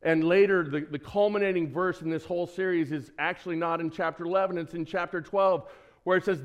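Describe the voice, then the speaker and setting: A man preaching a sermon as pastor, lively and conversational, who quizzes the congregation and throws in joking asides. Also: sits high, brisk. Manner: lively, asks the congregation questions, self-deprecating asides.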